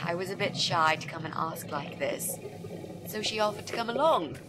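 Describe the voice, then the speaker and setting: A woman's voice: fairly low pitch, animated, normal speed, background noise, lightly acted. An actress voicing a pushy young female student in a game, eager and bossy, sweetly fake when she performs. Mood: sugary. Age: young adult. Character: pushy chirpy young woman student, scheming. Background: game music.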